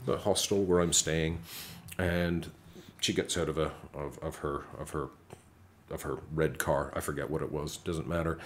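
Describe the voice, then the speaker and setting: A man's voice: a bass voice, a bit bright, slight background noise. A man casually telling a travel story in an interview, acting out the dialogue as he goes. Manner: acts out quoted dialogue, many restarts.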